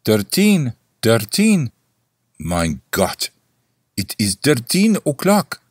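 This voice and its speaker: A man voicing a chorus of fussy little old gentlemen in a mock German accent, gasping and exclaiming. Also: medium pitch, huge pitch swings, slow, dry recording, clean studio sound, heavily acted. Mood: aghast.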